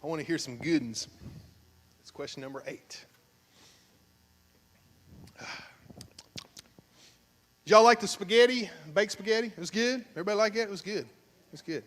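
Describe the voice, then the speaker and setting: A man's voice: high-pitched, expressive, moderate pace, long pauses, a bit bright. A man, a pastor hosting a couples game show at his church, teasing and joking with the crowd. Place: church sanctuary, at the altar. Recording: long church hall reverb.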